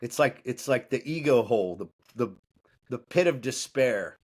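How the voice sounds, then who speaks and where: Speaking at a normal speed, a man with a medium-pitched, animated voice that is slightly rough and a little mellow appears as a coaching guest on a podcast. In this candid chat he's blunt, intense, profane, and a touch preachy.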